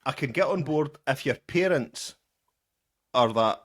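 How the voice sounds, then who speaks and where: A man's voice: medium pitch, expressive, measured pace. A Scottish man co-hosting a beer podcast, telling stories in a rambling, sweary way with many restarts. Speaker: podcast co-host. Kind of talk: casual chat.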